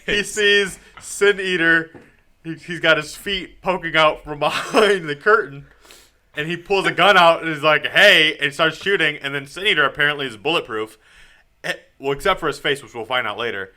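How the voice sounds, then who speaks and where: A man co-hosting a podcast, casually recapping a comic book, acting out characters' lines with laughter. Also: a little high. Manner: animated retelling with quick acted-out quotes and laughs. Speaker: podcast co-host.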